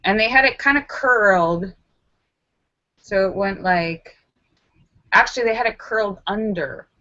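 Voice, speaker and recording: A woman vlogger telling a story to camera in a casual, animated way, acting out her own screams and lines of dialogue. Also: mid-range voice, measured pace, dull audio.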